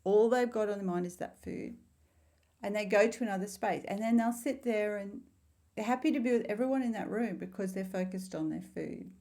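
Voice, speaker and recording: A middle-aged woman with a soft, mellow tone speaks casually to camera about spiritual growth. Her delivery is heartfelt and meandering, full of asides. Her pitch sits in an ordinary middle range for a woman. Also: brisk. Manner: heartfelt, rambling storytelling with warm asides. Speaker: spiritual vlogger.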